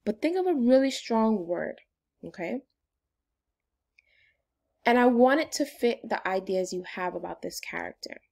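A woman's voice: on the high side, animated, unhurried, vocal fry, pauses often, darkish tone. A woman teacher giving a phonics lesson to young children in an upbeat, sing-song way.

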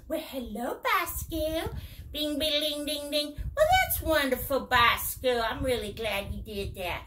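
A woman's voice: sits high, expressive, unhurried, bright, forceful tone. A woman singing nursery songs and playing pretend phone calls in playful baby talk to soothe a little one. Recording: distant home recording with noise.

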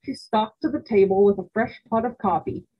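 A woman reading a children's novel aloud for a library program, steady and expressive. Her voice is breathy and husky at mid pitch. The recording sounds dull and lo-fi. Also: normal speed. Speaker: library storyteller.

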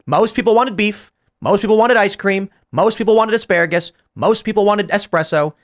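A man hosting a podcast panel, arguing points in an animated, storytelling way with frequent restarts. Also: high-pitched, moderate pace. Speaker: podcast host. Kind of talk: casual panel debate.

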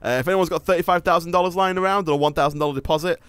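Chatty jokey gaming host. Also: male voice, fairly high pitch, steady tone, a bit bright, clear, resonant tone, no echo. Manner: chatty, jokey, quick to laugh. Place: voice call.

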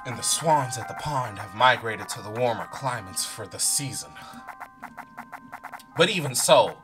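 A man's voice: medium pitch, lively intonation, unhurried, over music. A man playing a visual novel, reading its narration aloud and joking about it as he goes. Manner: reads narration aloud and jokes between lines. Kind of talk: let's play narration and commentary.

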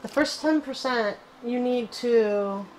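Woman host for casual game commentary, bubbly and chatty, voice sitting a little high. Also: slow, a little hiss or hum, rough recording. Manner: chatty and excitable, cooing to her in-game pet. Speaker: gaming channel host.

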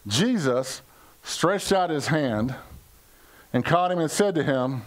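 A man's voice: on the high side, animated, takes it slowly, pauses often. An older American man preaching a conversational sermon to his congregation, joking, asking questions and acting out quoted lines in playful voices. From United States. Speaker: pastor. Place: church service before a congregation.

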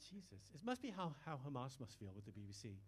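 A man in his sixties doing a live stand-up set on a club stage, crude and self-mocking, with quick asides to the crowd. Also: mid-range voice, sing-song. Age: 60s. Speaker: stand-up comedian.

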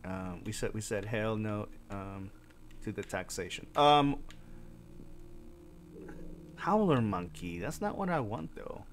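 A man hosting a casual gaming playthrough, chatting as he plays and breaking into sudden high yelps. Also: takes it slowly, long pauses, slight background noise. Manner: chatty, animated, bursts into high yelps and shouts. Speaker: gaming channel host. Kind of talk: casual let's-play commentary.

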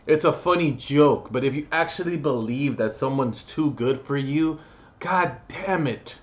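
A young man rants at his viewers with sarcastic, profane energy. His voice sits at an average pitch and keeps swinging between mocking murmurs and loud bursts. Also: very noisy. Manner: profane, addresses viewer directly. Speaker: vlogger. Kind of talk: comedic rant to camera.

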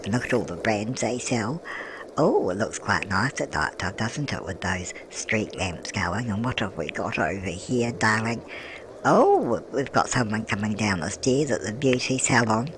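A man's voice: on the low side, lively intonation, measured pace, background noise. A man doing a doting old nanna. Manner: calls everyone love, dear and darling, chatty tag questions. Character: doting old grandmother narrator. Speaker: gameplay channel host. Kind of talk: gameplay commentary in a doting granny persona.

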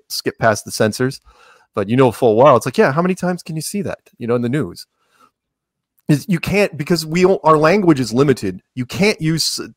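A man with a medium-pitched voice speaks as a podcast guest in a casual conversational interview, recorded with clean studio sound and no echo. He rambles, restarts often and drops sarcastic asides.

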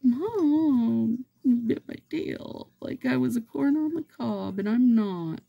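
A woman's voice: a little high, animated, takes it slowly, vocal fry, husky, dry recording, muffled recording, pitched above the performer's own voice, exaggerated voice. A woman voicing her pampered male house cat as it complains about being bitten. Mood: aggrieved.

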